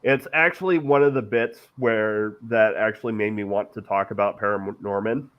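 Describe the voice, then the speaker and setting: A man co-hosting a podcast, talking haltingly about films and repeating words as he gathers his thoughts. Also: on the low side, steady tone. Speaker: podcast co-host. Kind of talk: casual film discussion. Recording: dull lo-fi mic.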